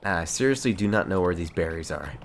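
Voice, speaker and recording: A man's voice: low voice, animated, fast talker. A man streaming a fantasy game late at night, chatting casually and playfully, rambling and talking to himself as he plays.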